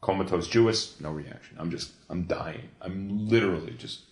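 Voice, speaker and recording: A man in an interview, telling a long story in an animated, profane way, full of restarts. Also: low voice, moderate pace. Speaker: guest, comics creator. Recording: echoey room.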